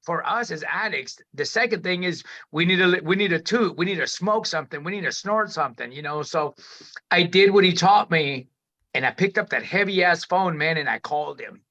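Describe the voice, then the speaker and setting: A man tells his story in candid, emphatic talk, swearing freely and restarting his sentences. His voice is on the high side and bright. The recording sounds dull and lo-fi. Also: expressive, fairly quick. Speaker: interview guest sharing recovery story.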